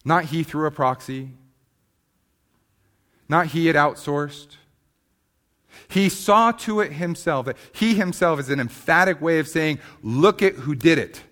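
A man preaching a sermon, swinging from emphatic, rising passages to quiet, slow stresses, often restarting on repeated words. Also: fairly high pitch. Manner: emphatic preaching, rising loud then dropping to hushed. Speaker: pastor.

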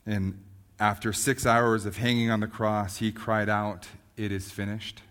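A man's voice: lowish voice, flat delivery, unhurried. Male pastor preaching a sermon. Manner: builds from soft and reflective to loud and fervent.

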